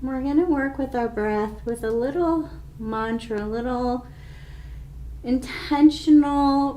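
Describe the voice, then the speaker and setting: A woman guiding a yoga class with slow, calm, soothing instructions. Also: on the high side, reverberant, slight background noise.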